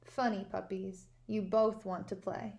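A woman teacher reading a picture book aloud to her class in a slow, sing-song storytime manner. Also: medium pitch, flat delivery, gravelly, a little mellow. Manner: slow, sing-song storytime delivery with playful dog sounds.

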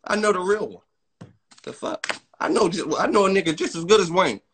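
A man in a heated, profane, boastful rant, swinging between loud outbursts and muttered asides. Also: high voice, brisk, slight background noise.

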